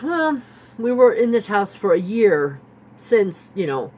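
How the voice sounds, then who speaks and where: A woman's voice: mid-range voice, sing-song, measured pace, breathy edge. A woman vlogger telling a personal story in a rambling, repetitive way, full of "like" and "you know.". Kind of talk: storytime vlog.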